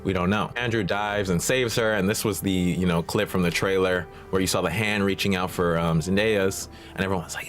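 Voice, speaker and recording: A man's voice: sits low, fairly even intonation, fairly quick, few pauses, faint music behind. A man hosting a movie reaction channel, recapping the plot in a casual, slangy, profane way. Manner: slangy, profane, streetwise banter.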